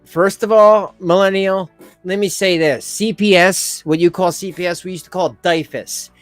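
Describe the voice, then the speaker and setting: A man's voice: high-pitched, steady tone, normal speed, dry recording, faint music behind. Sarcastic middle-aged man reacting. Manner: blunt, sarcastic, exasperated. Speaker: commentary channel host. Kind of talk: reaction commentary.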